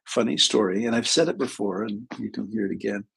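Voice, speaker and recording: A man with a gravelly, somewhat low voice that turns husky and rough at the edges. He chats casually to his livestream audience, telling funny stories with a self-deprecating streak. His delivery is loose and conversational, like a therapist swapping anecdotes. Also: brisk, fairly bright tone. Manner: chatty, self-deprecating, tells anecdotes with humor.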